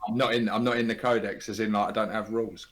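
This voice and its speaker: A man's voice: fairly low pitch, level tone, quick pace, crowd noise. A man hosting a casual group chat, joking and laughing with his guests.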